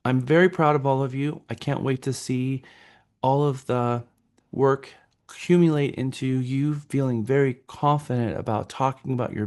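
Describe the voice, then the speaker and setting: A man's voice: medium pitch, a little mellow. Texan guy running a real estate class, encouraging, coachy. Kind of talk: classroom training talk.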